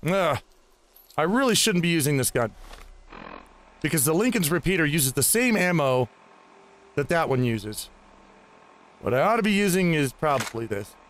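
Man, casual game commentary, rambling, talks to enemies, somewhat high voice. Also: sing-song, normal speed, long pauses, fairly bright tone. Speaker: gaming host.

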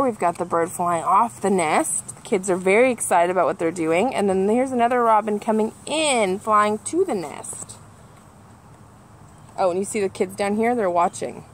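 Pointing out the pictures as she goes, a woman who works as a nature center educator reads a children's picture book with animation and mimics bird calls. Her voice is mid-range, with slight background noise.

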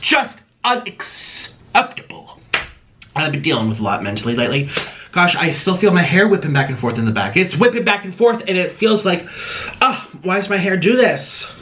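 A man chats his way through a home-kitchen cooking vlog, dramatic, sassy and rambling. His voice sits high and swoops all over the place. Clear background noise runs under the recording. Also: expressive, brisk, fairly bright tone. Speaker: vlogger host. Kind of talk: casual cooking and eating chat.

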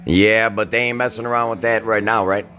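A man's voice: lowish voice, fairly even intonation, brisk, over music. A middle-aged man, a father and host, chatting with his own father in a joking, teasing way. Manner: joking, teasing, mock-offended. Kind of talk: casual chat.

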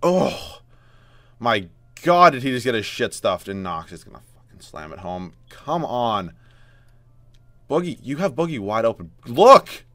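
A man commentating his own basketball video game from a dry home setup. His voice jumps from low mutters to loud outbursts as plays go wrong, and he swears and groans at the screen. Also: sing-song, unhurried, pauses often, no echo. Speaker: gaming YouTuber. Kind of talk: live gameplay commentary.

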